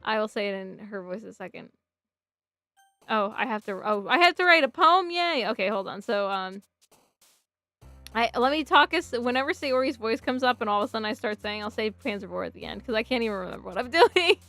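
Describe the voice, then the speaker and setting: A woman's voice: mid-range voice, a little fast, a bit bright, dry recording, soft background music. A woman streamer chatting casually and reading game text aloud, often breaking into giggles. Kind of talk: casual let's-play commentary.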